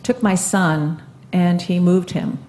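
A woman in her seventies speaking onstage at a live event, telling her own story in an earnest, halting way with many fillers and restarts. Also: on the low side, dark tone, a little hiss or hum. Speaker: guest speaker. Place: live event stage before an audience.

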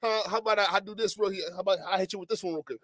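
A man with a high, bright, forceful voice reacts on a live stream, mocking what he watches in casual slang. He laughs through almost every line. The sound is dry and close to the mic. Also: fairly even intonation, racing, dry recording.

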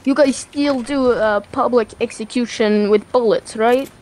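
High, playful woman in game chat. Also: measured pace, darkish tone, a little hiss or hum. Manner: playful, teasing. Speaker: player in online voice chat.

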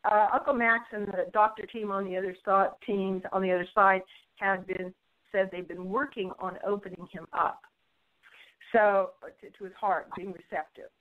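A woman guest telling a personal story in an interview, bubbly and animated, acting out what others said. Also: mid-range voice, narrow, tinny audio. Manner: bubbly, animated storyteller who acts out quoted voices.

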